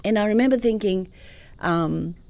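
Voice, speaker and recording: A woman, a guest telling a personal story in an interview, lively, moving from hushed to loud. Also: mid-range voice, moderate pace, creaky. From Croatia.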